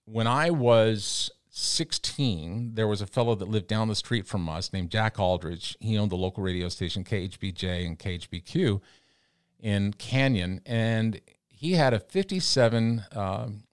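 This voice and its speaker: A middle-aged man from the Texas panhandle spins animated anecdotes and acts out the voices of other people as he talks. His voice sits low, and he often restarts a phrase. He is recorded close on a dry studio mic. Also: unhurried, clear, resonant tone, dry recording. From Amarillo, Texas area. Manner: animated anecdotes full of quoted dialogue, frequent restarts. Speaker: interview guest, radio broadcaster. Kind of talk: casual storytelling.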